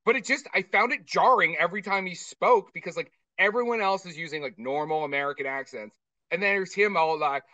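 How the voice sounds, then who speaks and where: A man's voice: high-pitched, fairly quick, no echo, distant mic. A man co-hosting a podcast, chatting casually and profanely while reviewing a movie. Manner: profane, ranting, animated. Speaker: podcast co-host.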